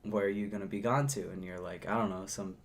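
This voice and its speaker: A teenage boy hosting a podcast, with a fairly low voice. He keeps the chat easygoing and tosses in quick reactions. He talks casually about school and friends. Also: steady tone, crowd noise. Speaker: podcast host.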